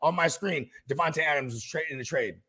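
A man hosting a podcast, telling a story in a profane, animated way and acting out the quotes. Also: fairly high pitch, brisk, husky. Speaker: podcast host. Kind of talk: casual podcast chat.

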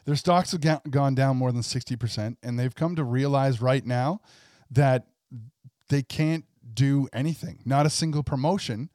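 A man's voice: medium pitch, normal speed, darkish tone, no room sound, studio quality. A man co-hosting a casual podcast, reading a letter aloud with mocking commentary. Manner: reads a corporate letter aloud in a mock voice. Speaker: podcast co-host.

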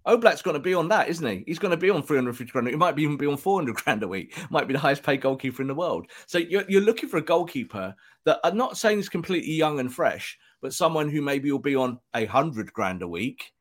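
A man co-hosting a casual football podcast, talking on a microphone and often putting on quick voices for imagined remarks. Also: a little high, lively intonation. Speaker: podcast co-host.

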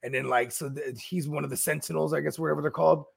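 A man with a gravelly, husky voice, talking in a loose, rambling way on a podcast. His speech is full of slang and swearing, and he sits a bit higher than most men in pitch. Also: fairly even intonation, fast talker. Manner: rambling, slangy, swearing, lots of "you know what I mean". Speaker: podcast co-host. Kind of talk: casual chat.

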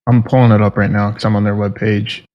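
A man's voice: lowish voice, level tone, fast talker, highs cut off. Wry man talking markets on a podcast. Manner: wry, joking. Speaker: guest market commentator. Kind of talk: casual chat.

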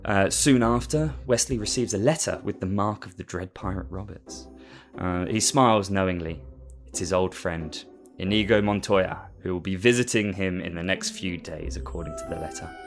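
A man's voice: sits low, normal speed, soft background music. A man casually recapping a story as host, rambling with lots of fillers and laughing at himself. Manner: rambling, with many fillers and restarts, and amused.

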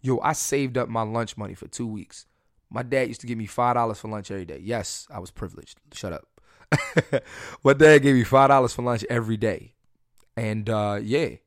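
A man's voice: on the low side, moderate pace, no room sound, studio quality. A man hosting a podcast, telling candid, crude and joking personal stories in a casual solo chat. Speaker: podcast host.

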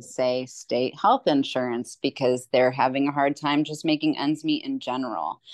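A woman from Hawaii speaking in a documentary interview, measured and pointed as she argues for birth options. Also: a bass voice, no echo.

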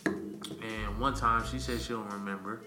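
A man's voice: medium pitch, unhurried, roomy sound. A man hosting a podcast, telling stories in casual, profane, laughing chat in a hotel suite. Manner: animated, profane, laughing storyteller. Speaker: podcast host.

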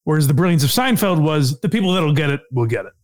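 A man's voice: fairly high pitch, expressive, fast talker. A man hosting a podcast, chatting casually, laughing and using lots of fillers. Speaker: podcast host. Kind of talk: casual chat.

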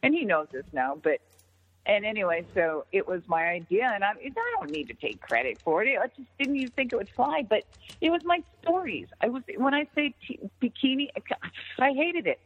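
Animated woman telling stories over a tinny line. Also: fairly high pitch, fairly quick, husky. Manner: animated, swears freely, acts out quoted dialogue. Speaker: interview guest, former wrestler. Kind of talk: casual storytelling interview. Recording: tinny phone-like line with long reverb.

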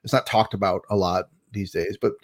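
A man co-hosting a podcast in casual chat, wry and joking, with some halting restarts. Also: low-pitched, steady tone. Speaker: podcast co-host.

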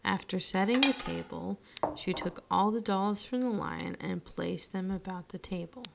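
A woman storyteller reading a children's story aloud in a slow, soothing way, dropping her voice at line ends. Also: mid-range voice, gravelly, heavy background noise.

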